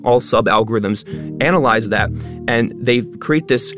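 A man talking quickly as a guest in a radio interview, stressing many words. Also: mid-range voice, a bit bright, soft background music.

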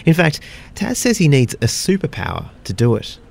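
A male radio reporter narrating a feature in measured storytelling and asking his guest questions. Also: a little high, huge pitch swings, gravelly.

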